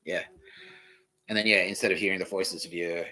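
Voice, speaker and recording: A man's voice: low-pitched, fairly even intonation, brisk, bright, forceful tone, rough recording. An Australian man hosting a podcast, rambling casually with plenty of swearing and chuckles. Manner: profane, meandering, chuckling. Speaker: podcast host.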